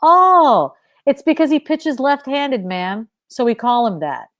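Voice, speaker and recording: A woman's voice: high voice, sing-song, slow, a bit bright, no room sound, voice pushed up, exaggerated voice. A stiff young army private who puts on an official, rule-bound tone, as a woman author reads his lines. The recording is dry and close. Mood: officious. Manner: trying to sound official.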